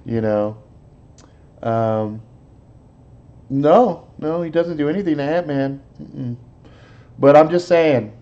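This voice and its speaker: A man's voice: fairly high pitch, lively intonation, normal speed, darkish tone, lo-fi sound. A man hosting a live show, chatting casually in a profane, rambling, laid-back way. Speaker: host. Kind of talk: casual chat, movie talk.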